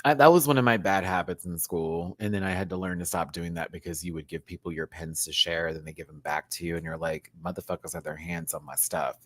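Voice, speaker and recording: Talking briskly with hardly any pauses, this man in his thirties reviews drag shows and spins lively tales from school and the stage. He curses freely and breaks into laughs and squeals, his voice jumping from low asides to high yelps. It's a casual reaction chat, recorded dry and close with no room sound.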